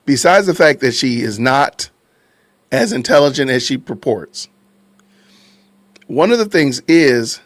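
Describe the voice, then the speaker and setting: A man's voice: mid-range voice, animated, measured pace, pauses often, dry recording. A man hosting a live-stream podcast in casual commentary, reacting to chat with repeated phrases and frequent laughs. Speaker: podcast host.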